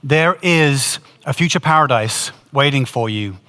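A man preaching a sermon as pastor, telling a story in an earnest, lively way. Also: medium pitch, a little slow, long reverb tail. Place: church hall.

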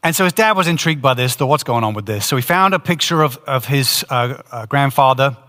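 Bright-voiced pastor in a reverberant hall. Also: male voice, mid-range voice, a little fast. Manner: storytelling, lively and earnest. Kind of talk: sermon. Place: church hall.

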